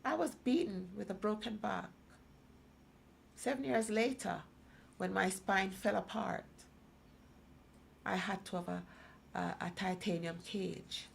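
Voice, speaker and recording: A woman's voice: mid-range voice, measured pace, vocal fry, long pauses, slight background noise. A middle-aged woman, giving an emphatic personal testimony as a guest speaker. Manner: emphatic storytelling, acts out others' voices. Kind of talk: personal testimony in a talk program.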